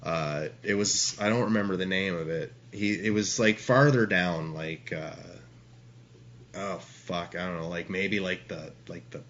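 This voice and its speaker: Rough-talking man, bright lo-fi sound. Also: low voice, unhurried. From Canada. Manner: rambling, heavy swearing, frequent laughs. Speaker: interview guest. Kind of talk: casual storytelling. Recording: dull lo-fi with faint hiss.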